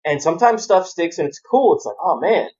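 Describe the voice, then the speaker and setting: A man's voice: high voice, animated, a little fast, darkish tone, lo-fi sound. A man chatting casually on a podcast as a guest, rambling through stories and swearing freely. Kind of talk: casual chat.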